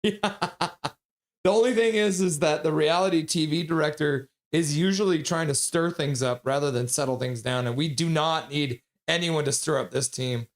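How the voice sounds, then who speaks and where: A man streaming live play-by-play commentary, joking with viewers between calls and getting loud and excited on big plays. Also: a little high, moderate pace, hardly any pauses. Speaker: streamer calling the game live.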